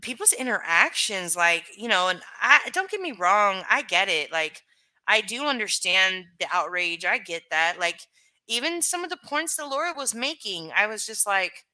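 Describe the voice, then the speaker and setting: A young woman with a medium-pitched, sharp voice hosts a casual livestream. She reads the chat and rambles frankly, filling her speech with "like" and "you know."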